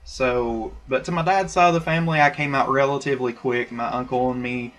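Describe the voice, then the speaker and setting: Speaking into his laptop's webcam mic, a young vlogger tells a rambling personal story, candidly restarting and using lots of fillers. His voice is medium-pitched and fairly bright, with fairly even intonation and a slightly fast pace.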